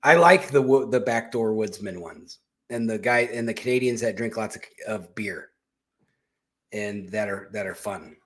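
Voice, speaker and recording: A man's voice: lowish voice, moderate pace, a bit bright. A man hosting a casual political commentary show, talking in a blunt, sarcastic, rambling way and cursing freely. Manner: sarcastic, blunt and mocking, with swearing; rambling with restarts and asides. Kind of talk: casual opinion monologue.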